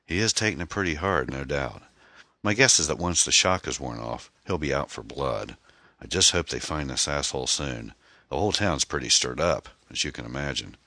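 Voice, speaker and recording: Casting: male narrator voicing a steady, wry middle-aged dad, very deep bright voice. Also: moderate pace, no room sound, full character voice. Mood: matter-of-fact. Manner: calm, soothing, wry. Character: middle-aged divorced father, calm and consoling.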